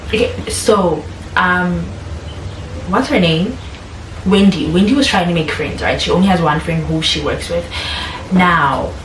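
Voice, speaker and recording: A woman's voice: on the low side, a little slow, pauses often. A young woman chatting casually to camera about a book, gushing and filling her talk with likes and ums. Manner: gushing, chatty, lots of fillers. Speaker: booktuber. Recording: echoey room with background noise.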